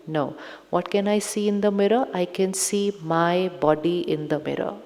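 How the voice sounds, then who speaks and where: A woman with an Indian accent giving a slow meditation lecture as a spiritual teacher, repeating her lines and asking the audience questions. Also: lowish voice, warm tone. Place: large lecture hall. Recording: long hall reverb.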